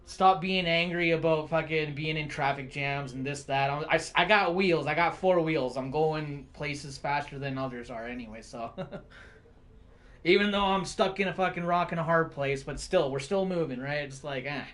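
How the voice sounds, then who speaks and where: A young man with a fairly high voice chats loosely on his stream. He drifts through a story, swears freely and laughs often. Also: moderate pace, a bit bright. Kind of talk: casual storytelling chat.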